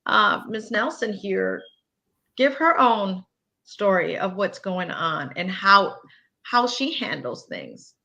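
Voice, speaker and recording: A woman's voice: mid-range voice, animated, slow pace, gravelly, sharp tone. Female host, supportive and affirming; asks long, searching questions. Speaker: interview host. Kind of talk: supportive interview hosting.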